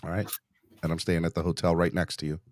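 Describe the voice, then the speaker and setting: A man hosting a sports podcast in casual chat, rambling and excitable, often restarting his sentences. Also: low-pitched, fast, no echo, clean studio sound. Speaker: podcast host.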